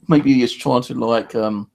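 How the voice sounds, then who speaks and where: A man's voice: mid-range voice, gravelly, darkish tone. A middle-aged man streaming, talking in a casual, rambling monologue full of fillers. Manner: rambling, many fillers and restarts.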